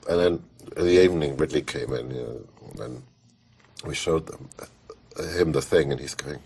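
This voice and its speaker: A man's voice: very deep voice, moderate pace, long pauses, husky. A man being interviewed about his work as a film composer, telling stories in a loose, rambling way with lots of fillers and restarts. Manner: animated anecdote telling. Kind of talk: casual storytelling interview.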